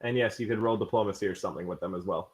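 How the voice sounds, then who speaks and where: A man's voice: fairly low pitch, racing. A man narrating as game master of a tabletop game, rambling and chuckling.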